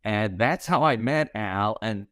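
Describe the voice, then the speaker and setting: A man in his sixties who writes comedy tells wry stories in a podcast interview, acting out what others said. His pitch is fairly low, his tone fairly bright, and his pace measured. The recording is dry and clean, made in a studio.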